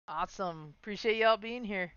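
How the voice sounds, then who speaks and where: A woman hosting a casual podcast chat, relaxed and quick to laugh. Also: mid-range voice, clean tone, no room sound. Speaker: podcast host. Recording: dull, dry, slightly lo-fi.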